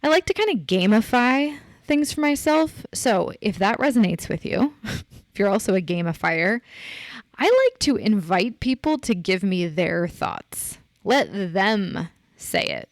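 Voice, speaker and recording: A middle-aged woman hosting a podcast, unhurried and close to the mic in a dry, dead room. She coaches her listeners in an easy conversational way, and her voice jumps up sharply on the points she wants to land. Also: medium pitch, sing-song, no room sound. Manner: emphatic, encouraging, rises sharply when making a point. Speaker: podcast host.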